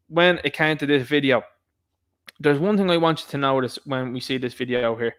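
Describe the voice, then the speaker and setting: A man's voice: fairly high pitch, fairly bright tone. A man hosting an opinion podcast, ranting and mocking the people he quotes. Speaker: podcast host. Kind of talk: opinion commentary monologue.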